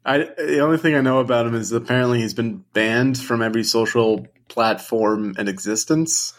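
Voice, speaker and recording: A man's voice: medium pitch, moderate pace. Wry, foul-mouthed podcast co-host man. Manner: wry, profane banter. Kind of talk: casual podcast chat.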